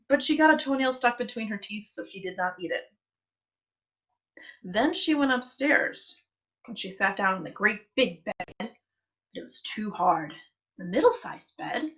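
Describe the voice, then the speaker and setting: A woman reading a story aloud at a reading event, in an expressive, sing-song delivery. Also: mid-range voice, a little slow. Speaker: reader. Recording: muffled live-stream audio.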